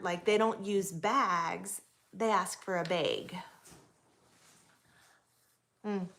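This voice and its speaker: A woman's voice: on the low side, a little hiss or hum. Chatty woman in her forties. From US West Coast. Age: 40s. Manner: chatty, reads and answers viewer comments. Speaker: livestream host. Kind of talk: casual livestream chat.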